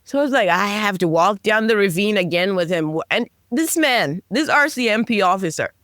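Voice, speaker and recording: A woman guest on a podcast interview, telling a personal story in an animated way, with many restarts and self-corrections. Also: normal speed, no room sound, studio quality. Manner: animated storytelling, pitch jumps on emphasis.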